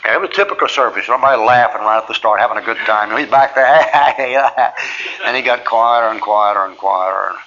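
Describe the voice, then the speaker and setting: A man's voice: medium pitch, a little fast, bright, forceful tone, a little hiss or hum. Folksy preacher man, lo-fi old tape. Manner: folksy storytelling, acts out both sides of conversations. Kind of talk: sermon with personal testimony.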